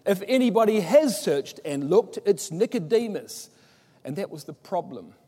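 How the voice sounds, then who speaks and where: Man, preacher, expository sermon, emphatic, mellow tone, reverberant hall. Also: high voice, moderate pace. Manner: emphatic, rhetorical questions, animated quoting of scripture.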